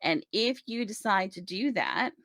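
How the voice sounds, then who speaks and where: A woman's voice: medium pitch, expressive, unhurried, fairly bright tone, no room sound, studio quality. A woman giving a casual tarot reading, chatty and reassuring, often checking in with the listener. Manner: chatty, reassuring, many "right?" check-ins. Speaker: tarot reader.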